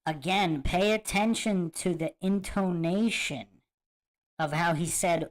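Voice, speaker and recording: A man's voice: sits high, lively intonation, takes it slowly. A man hosting a livestream, chatting casually to viewers and reacting to clips with a musing, emphatic manner that repeats points. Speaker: host of a livestream commentary show.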